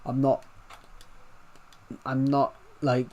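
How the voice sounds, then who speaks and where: A man streaming a game and talking straight to his chat in a loose, rambling way. His voice sits at an ordinary middle pitch. The pace is casual and unscripted. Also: monotone, very slow, a little mellow, dull audio.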